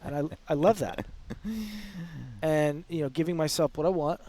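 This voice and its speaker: A man speaking as a podcast guest, giving energetic, emphatic coaching talk and often quoting example phrases. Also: fairly high pitch, normal speed.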